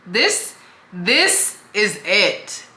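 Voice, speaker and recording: A woman's voice: medium pitch, big pitch swings, drawn-out words, pushed and bright, echoey room. A young woman vlogger chatting casually while doing her makeup, easygoing and talkative. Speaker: beauty vlogger. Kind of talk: casual makeup tutorial chat.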